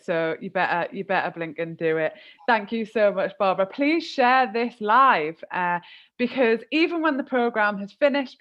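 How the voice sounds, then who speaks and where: Woman hosting a charity livestream from home, eager, keeps asking for donations, muffled lo-fi call audio. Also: mid-range voice. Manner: warm, eager, repeats appeals, slows down for numbers. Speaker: livestream fundraiser host. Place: home in a village.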